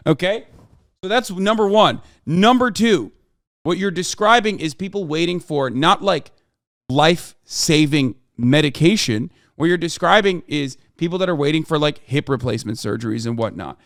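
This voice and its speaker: A man's voice: on the high side, no room sound, clean studio sound. A man ranting and arguing on a live-stream reaction, heated and heavily profane. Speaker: political streamer.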